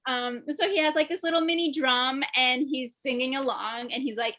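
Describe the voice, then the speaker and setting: A young woman performs a stand-up set over a video call, her voice high and bright. She keeps breaking into giggles at her own punchlines. The sound comes through a home computer mic. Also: steady tone, normal speed. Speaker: stand-up comedian.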